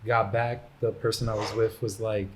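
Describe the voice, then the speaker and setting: A man in a casual podcast chat, telling animated stories full of slang and acted-out quotes. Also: on the low side, moderate pace, slight background noise. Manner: animated storyteller, acts out quotes with laughter and slang. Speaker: podcast guest.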